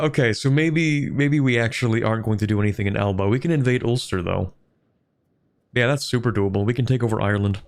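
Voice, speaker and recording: His voice is lowish with noticeable vocal fry as he plays a strategy game on stream. He keeps things conversational, reasoning aloud and responding to what viewers ask.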